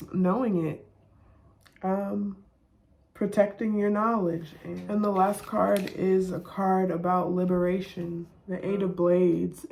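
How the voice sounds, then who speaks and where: A woman giving a reflective oracle card reading, talking softly and haltingly with many fillers. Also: lowish voice, creaky. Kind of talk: reflective spiritual monologue.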